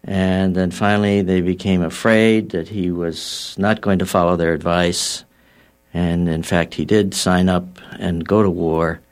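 Low-voiced man, guest on a talk show, storytelling with acted quotes and many fillers. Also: little pitch movement. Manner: measured and explanatory. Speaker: guest healer. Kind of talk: explaining a healing theory on a talk show.

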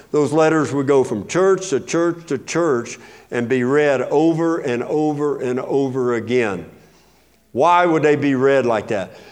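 A man's voice: mid-range voice, a little mellow. A man, a pastor, preaching an expository sermon with emphasis, posing rhetorical questions and answering them himself.

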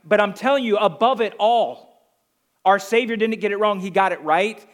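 A man with a high, light voice preaches a sermon in a New Jersey accent. He drives his points home with repeated rhetorical questions, leaning hard on key phrases. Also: normal speed. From Northeastern US. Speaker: pastor.

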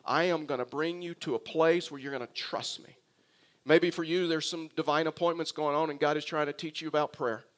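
Earnest preaching man, fairly high voice. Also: steady tone, a little fast. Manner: earnest, repetitive preaching with direct address. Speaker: pastor. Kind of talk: sermon.

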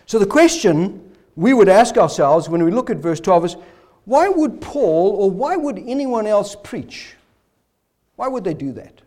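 A man preaching a sermon with rhetorical questions, hoarse, his voice failing and breaking into coughs. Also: high voice, sing-song, unhurried, a little mellow. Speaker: pastor.

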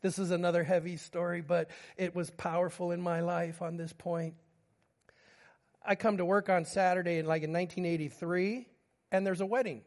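High-voiced man in his fifties preaching. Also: steady tone, moderate pace. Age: 50s. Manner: storytelling, moving between humor and grief. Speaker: pastor. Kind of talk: sermon with personal stories.

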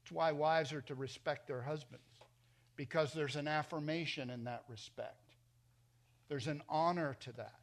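A middle-aged man preaching a sermon in a church, emphatic, swinging between loud and soft. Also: on the high side, normal speed. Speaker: pastor.

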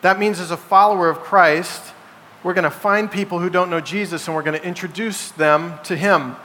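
A male pastor with a high, forceful voice preaches to his congregation, stressing his points and asking rhetorical questions. The sound carries the long reverb of a large church sanctuary. A faint hum of background noise sits under it. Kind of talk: sermon.

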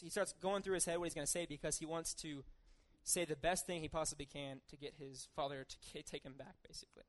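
Speaking fast with few pauses, a young man in a somewhat high voice reads a scripture passage, then casually retells it in his relaxed sermon. He gives the story's characters ordinary, everyday voices.

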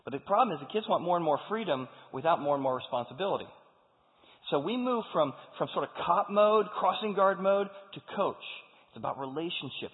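A man preaching a sermon to a congregation, talking in an animated way and acting out the voices of the people he quotes. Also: high-pitched, a little fast. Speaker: pastor. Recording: phone-like sound with long hall reverb.

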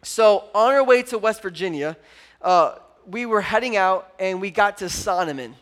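A man, a pastor preaching a sermon and telling family stories with lively energy. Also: sits high, moderate pace. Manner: animated storytelling, acts out his daughter's voice.

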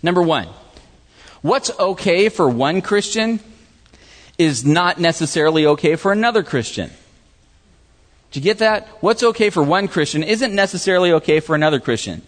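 Lively preaching man in a reverberant hall. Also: sits high, normal speed. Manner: animated preaching with questions to the audience, acts out voices. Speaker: pastor. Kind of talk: sermon.

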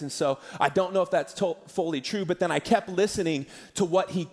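A man preaching in a large church hall, his voice a little high for a man. He talks in a loose, conversational way, turning emotional at times and slipping in jokes, and a long reverb trails behind every phrase. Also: a little fast, hardly any pauses. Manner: conversational, emotional, jokey asides. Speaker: pastor. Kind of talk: sermon.

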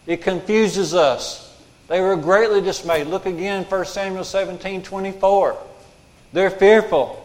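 A man's voice: sits high, steady tone, measured pace, darkish tone. A man preaching a sermon as pastor, emphatic and repeating his key lines for weight. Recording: long hall reverb.

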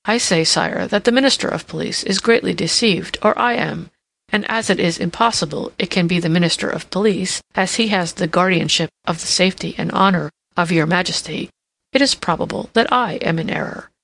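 A woman's voice: lowish voice, fairly quick, vocal fry, fairly bright tone. A woman voicing an anxious, deferential male duke at court, in an audiobook reading. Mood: uneasy. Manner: deferential, uneasy questioning.

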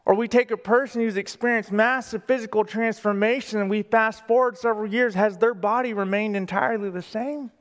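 A man preaching a sermon as pastor, speaking deliberately and with emphasis, asking the congregation questions in a church sanctuary. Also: sits high, steady tone. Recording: long reverb of a large hall.

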